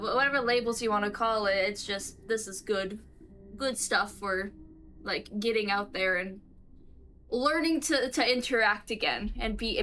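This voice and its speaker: A woman with a Southern US accent streams live, reading quiz questions and answering them off the cuff. Her voice sits a bit high and sounds very bright, and she talks in a halting, rambling way, restarting and trailing off into asides. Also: a little hiss or hum, rough recording.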